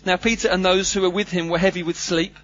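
Male preacher, high voice, earnest and emphatic, repeats himself, dull recording with a faint hum. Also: little pitch movement, fast. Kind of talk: sermon.

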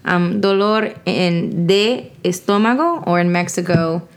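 A woman's voice: lowish voice, a little slow, clean tone. A woman co-hosting a casual podcast, asking playful questions and laughing often. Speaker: podcast co-host.

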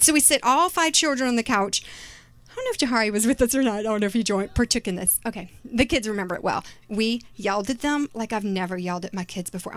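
A woman's voice: on the high side, fairly bright tone, no echo. A middle-aged woman preaching a sermon in a chatty, conversational way, full of "like" and fillers. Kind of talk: sermon with personal story.

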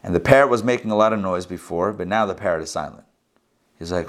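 A man teaching a religious class, telling jokes as an animated, chatty storyteller before turning to the lesson. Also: sits low, fast.

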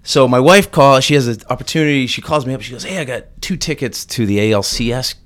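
A man's voice: medium pitch, quick pace. A man telling a long story as a podcast guest, acting out the quoted lines in a raised voice. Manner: animated, acts out quotes in a raised voice. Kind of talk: casual storytelling.

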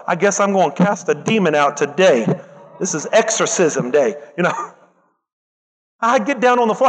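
A man preaching a lively sermon, acting out the people he quotes and breaking into loud bursts. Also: high voice, moderate pace. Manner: animated, acts out quoted voices, loud bursts. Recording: long hall reverb.

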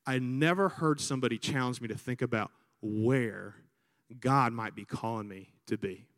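A man from Alabama with a Southern American accent, a priest preaching a sermon and telling stories with lively crowd imitations. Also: medium pitch, moderate pace, big-room sound. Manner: animated storyteller, imitates crowds. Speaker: priest, vocation director. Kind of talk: sermon with storytelling.

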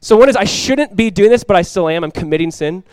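A young adult man preaching a sermon as pastor, energetic and conversational, often restarting his phrases. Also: high-pitched, fast talker, clean tone, no echo.

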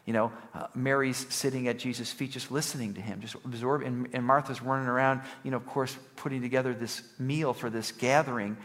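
A man preaching a conversational sermon, often checking in with "right?" and swinging between emphatic, louder passages and soft, low ones. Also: steady tone, brisk, in a large hall. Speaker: pastor.

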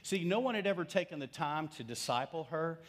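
A man's voice: on the high side, animated, a little fast. A middle-aged male pastor preaching a sermon, telling a story and putting questions to his congregation.

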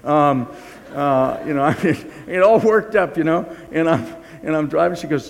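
An older pastor with a fairly high, creaky voice preaches at a normal pace. His sermon is earnest and confessional, full of restarted sentences and self-mocking humor. The recording carries a long hall reverb.

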